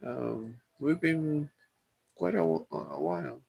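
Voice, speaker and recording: A man from Mexico with a Mexican Spanish accent, whose first language is Spanish, chatting on a live stream and answering viewer comments in a halting way with many fillers and restarts. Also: medium pitch, very animated, vocal fry, a little mellow, slightly rough, dry recording, low-quality recording. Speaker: livestream host.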